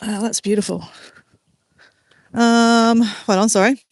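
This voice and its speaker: Walking along a riverside track outdoors, a middle-aged Australian woman vlogs in a chatty, rambling way. Her mid-range voice moves at a normal speed with frequent pauses, and the recording is studio quality with no room sound.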